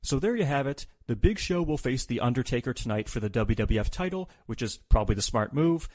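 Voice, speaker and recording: A male podcast host talks through a recap in a casual, joking way. His pitch swings a lot, and he often slips into voices when he quotes people. The recording is dry and close. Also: animated, a little fast, darkish tone, no echo.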